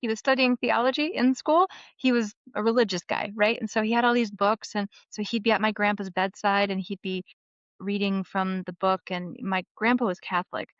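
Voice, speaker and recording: Woman in her thirties, podcast guest, animated storyteller, dry and slightly dull lo-fi sound. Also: medium pitch, brisk, dry recording. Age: 30s. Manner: animated, warm retelling of a family story. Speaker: podcast guest, memoir author. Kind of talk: casual storytelling chat.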